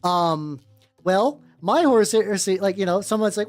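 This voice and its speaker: A woman streamer chatting casually as she paints miniatures, rambling and blunt, full of fillers and swearing, pausing to greet her chat viewers. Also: mid-range voice, expressive, darkish tone. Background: faint background music.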